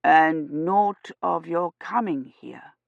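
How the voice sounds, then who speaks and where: A woman voicing a grave, kindly medieval village priest who speaks slowly and gently. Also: lowish voice, gravelly, no room sound, lo-fi sound, heavily acted. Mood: gentle, concerned. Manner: slow, gentle, questioning.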